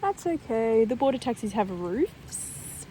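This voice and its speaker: A woman chatting casually to a handheld camera as a travel vlogger, upbeat and quick to laugh. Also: a little high, sing-song, warm tone, slight background noise, low-quality recording. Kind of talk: casual vlog chat.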